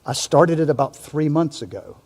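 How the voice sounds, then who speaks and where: A man's voice: fairly high pitch, expressive, normal speed, darkish tone, breathy edge, in a large hall. An older man speaking as a panelist in a discussion, earnest and reflective, often restarting his sentences.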